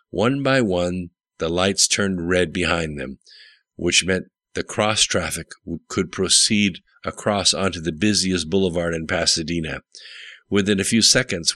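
A man narrating an audiobook in a steady, matter-of-fact storytelling manner. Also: low voice, no echo. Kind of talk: scripted narration.

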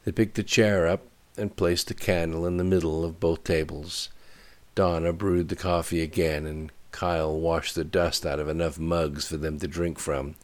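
A man reading a novel aloud as its narrator, in a steady, measured way. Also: low-pitched. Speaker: audiobook narrator. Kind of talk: scripted narration.

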